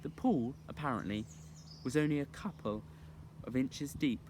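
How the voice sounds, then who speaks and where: A man reading a children's novel aloud as an expressive storyteller. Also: mid-range voice, normal speed, slight background noise. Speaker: reader.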